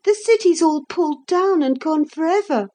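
A woman's voice: sits high, sing-song, takes it slowly, dark tone, pitched above the performer's own voice, heavily acted. A woman voicing a bewildered young boy who asks upset, pleading questions. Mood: anxious.

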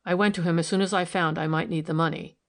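A man's voice: fairly high pitch, fairly even intonation, quick pace, close to an everyday voice. A woman reading a sober, wistful young man. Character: troubled young man confiding in a visitor. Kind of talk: audiobook character reading.

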